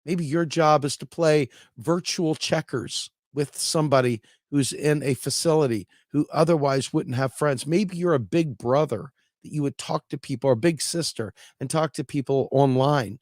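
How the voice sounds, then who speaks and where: A man's voice: a little high, normal speed, hardly any pauses, a little mellow, no room sound, studio quality. A man hosting opinionated solo political commentary who talks bluntly, with swearing and sarcasm.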